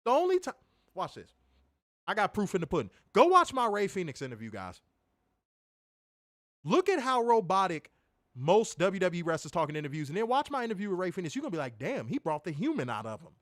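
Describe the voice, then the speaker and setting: High, animated male host, emphatic and profane, dry close sound. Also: fairly quick, long pauses, no echo. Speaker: podcast host reviewing wrestling. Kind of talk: casual ranting review.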